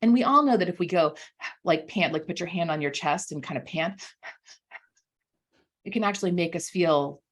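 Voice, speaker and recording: A woman with a slightly low, husky voice explains speaking skills as a guest coach in a relaxed podcast chat. She talks in an animated way and keeps checking in with her listener. She repeats key words for emphasis. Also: normal speed, long pauses. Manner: animated, often checks in with "right?". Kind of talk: casual podcast interview, explaining.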